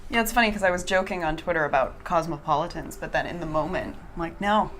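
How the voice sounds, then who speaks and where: A woman playing in a tabletop game, chatting in a quick, amused way. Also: low-pitched, noisy background. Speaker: player. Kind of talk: casual out-of-game chat. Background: music.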